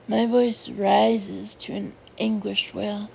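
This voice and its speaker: A woman's voice: mid-range voice, drawn-out words, vocal fry, pauses often, dull audio, a little hiss or hum. A woman narrating a novel in the first person, emotive and voicing the heroine's feelings. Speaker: audiobook narrator.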